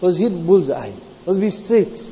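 A man delivers a sermon on Quranic commentary, repeating his key phrases and slipping Arabic terms into his English. His voice sits high yet mellow. The recording is dull and lo-fi, with a long reverb trailing off each line. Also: expressive, measured pace. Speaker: Islamic preacher.

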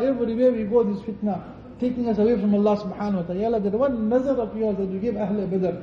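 A man preaching fast in a high voice, fervent and pleading as he repeats his invocations. He sounds far from the mic in an echoey mosque, on a dull lo-fi recording with faint noise behind him. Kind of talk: Ramadan night sermon and supplication.

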